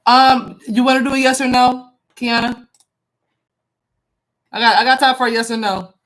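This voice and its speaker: A woman's voice: sits high, little pitch movement, normal speed, fairly bright tone. A woman doing a casual live-stream tarot reading, chatty with many fillers, reading viewer comments aloud. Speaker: tarot reader.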